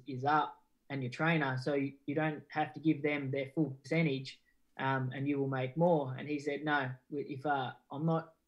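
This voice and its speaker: A young Australian man, a guest boxer, answers interview questions in an easygoing, flat way, peppered with yeahs and ums. His voice is a little high, and the recording sounds muffled.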